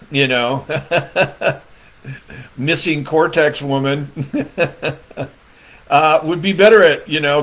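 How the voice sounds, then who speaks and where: A political comedian in Michigan rambles through a crude comedic rant, laughing often and leaning on fillers. His voice is fairly high and a bit bright.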